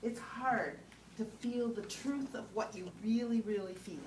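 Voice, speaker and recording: A woman's voice: a little high, a little slow. Woman teaching a class, heard from across a room. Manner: talks with frequent "okay?" checks, asks the class questions. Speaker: trainer. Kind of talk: teaching a class on compassionate listening. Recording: roomy sound from a distant mic with faint background noise.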